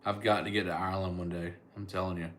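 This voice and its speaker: A man's voice: low voice, level tone, quick pace, fairly bright tone, a little hiss or hum. A middle-aged man, a comedian chatting casually on a livestream and answering viewers' comments. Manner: laid-back, chatty, thanks viewers by name.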